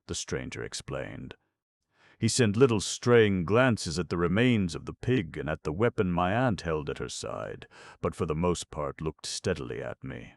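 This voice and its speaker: A man reads a story aloud in a measured, even way. His voice is extremely deep with a gravelly fry. The sound is dry and close to the mic. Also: no room sound. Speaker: audiobook narrator. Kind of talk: audiobook narration.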